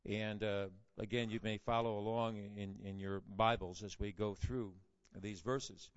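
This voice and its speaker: A man preaching a sermon, deliberate and measured, building to fervent rhetorical questions. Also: fairly low pitch, fairly even intonation, smooth, dull audio. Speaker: pastor.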